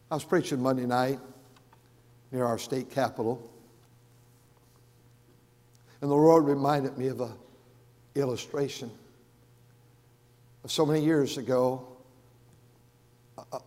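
A man preaching as the pastor of his church, earnest and stumbling over repeated words, rising loud and then dropping to a hush. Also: mid-range voice. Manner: earnest, repeats and restarts words, swings from raised to hushed. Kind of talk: sermon. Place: large church sanctuary. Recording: long hall reverb.

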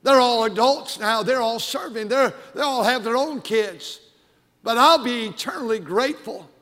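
An older man, a pastor, preaching a sermon with fervent emphasis that rises into shouts, in a church sanctuary. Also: very high voice, normal speed. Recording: long hall reverb.

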